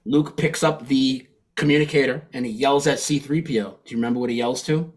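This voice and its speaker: A man's voice: medium pitch, steady tone, brisk. A man, a guest on a live stream, talking earnestly and casually, often restarting his sentences as he explains. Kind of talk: casual livestream chat.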